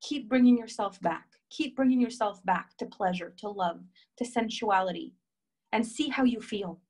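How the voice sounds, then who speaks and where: A woman's voice: medium pitch, moderate pace. A woman coaching a group call, encouraging her listeners and reading out their comments. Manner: warm, encouraging, reads out members' comments. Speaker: relationship coach.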